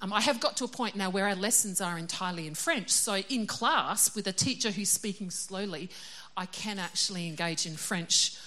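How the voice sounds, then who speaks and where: Bright chatty woman preaching. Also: mid-range voice, normal speed, hardly any pauses. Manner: chatty, self-deprecating, laughs often. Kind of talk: casual sermon.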